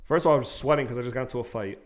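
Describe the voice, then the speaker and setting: Racing along in a mid-range voice over slight background noise, this young podcast co-host shares a personal story in casual conversation. He's lively, curses freely, and performs the voices of the people he quotes.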